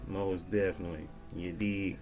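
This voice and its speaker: Slangy, laid-back man vlogger, low voice. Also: little pitch movement, normal speed, faint music behind. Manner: slangy and laid-back, peppered with "you dig"; shouting out viewers. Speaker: vlogger reading viewer comments. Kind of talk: casual chat.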